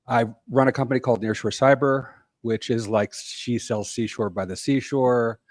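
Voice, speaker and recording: A middle-aged man, a company head, talking as a podcast guest in a measured way that often trails off quietly. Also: mid-range voice, steady tone, no room sound, studio quality. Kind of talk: casual podcast interview.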